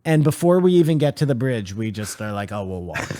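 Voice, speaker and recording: A man's voice: medium pitch, animated, a little fast, crowd noise. A Canadian man in his forties, a podcast co-host, joking wryly in casual chat. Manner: wry, joking.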